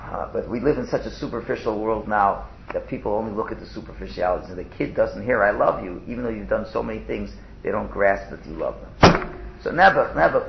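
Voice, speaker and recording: Gravelly man teaching a text class. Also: fairly low pitch, a little hiss or hum. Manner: translates Hebrew phrases line by line, repeats words; uses Hebrew and Yiddish terms. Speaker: Torah teacher. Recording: echoey room, dull lo-fi sound.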